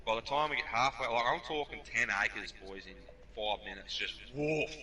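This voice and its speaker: Brief: young Aussie man, bright edgy tone, spins a rough-mouthed yarn. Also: medium pitch, fairly quick, low-quality recording. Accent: Australian. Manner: swearing, animated yarn-spinning. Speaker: podcast guest. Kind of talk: casual storytelling.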